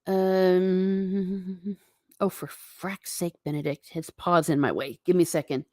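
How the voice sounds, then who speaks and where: A woman's voice: fairly low pitch, steady tone, takes it slowly, warm tone, no room sound, clean studio sound. Chatty woman reading stream chat. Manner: chatty, reads viewer comments aloud, laughs often. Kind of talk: casual chat. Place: home.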